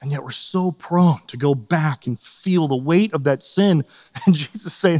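A man preaching a sermon as pastor, earnest and animated, sometimes acting out quoted voices. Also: fairly high pitch, unhurried, big-room sound.

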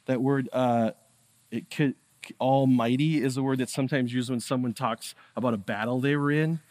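A male pastor delivering a relaxed, chatty sermon with plenty of fillers and restarts. He sits at an ordinary middle pitch and grows louder and more intense when he dwells on wonder. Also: moderate pace. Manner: casual, conversational preaching with many fillers.

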